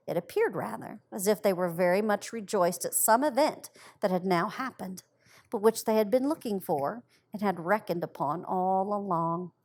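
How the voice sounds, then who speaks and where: A woman reads a story aloud in an expressive, gentle storybook voice. Her pitch sits in a middle range for a woman, with even pacing through long sentences. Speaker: library storyteller.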